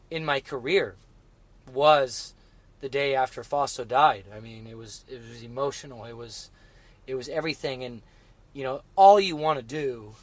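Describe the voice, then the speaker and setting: A middle-aged man speaks in an ordinary mid-range voice, talking casually and haltingly. He restarts his sentences often and leans on fillers. His voice grows emotional as he recalls hard moments. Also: mid-range voice, no echo. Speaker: guest. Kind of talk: casual interview chat.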